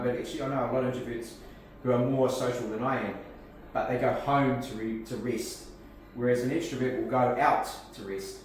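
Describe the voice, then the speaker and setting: A man's voice: mid-range voice, slight background noise. New Zealand man, echoey distant room talk. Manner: conversational, many restarts and fillers. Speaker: life coach. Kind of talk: live networking talk. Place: cafe function room, in front of a group. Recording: echoey room, distant mic, faint ambience.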